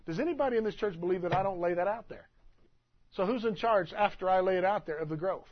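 A man preaching a sermon as pastor, emphatic and swinging between loud and soft delivery. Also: high-pitched, fast talker, lo-fi sound.

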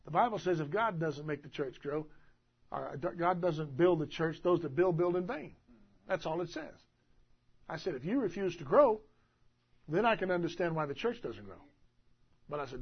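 A man preaching a sermon as pastor, emphatic and swinging between loud and soft delivery. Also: fairly high pitch, animated, moderate pace, long pauses, husky, dull audio.

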